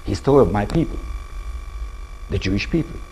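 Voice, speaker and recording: An older man with an Israeli accent giving a lecture to an audience, in halting English, often restarting words and asking the listeners questions. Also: lowish voice, expressive, vocal fry, warm tone, slight background noise, poor audio. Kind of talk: public talk to an audience.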